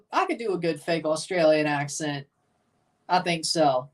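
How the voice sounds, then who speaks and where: A man's voice: fairly high pitch, expressive, moderate pace, far from the mic. A man hosting a livestream, giving casual, offhand reaction commentary with muttered asides and casual swearing. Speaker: livestream host.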